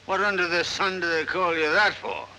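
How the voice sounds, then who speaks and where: A man's voice: high-pitched, steady tone, normal speed, pushed and bright, slight background noise, heavily acted, rough recording. An older actor playing a stern, hot-tempered plantation-owning grandfather in a 1930s film, barking his words. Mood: gruff scolding. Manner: gruff, barking. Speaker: estranged grandfather.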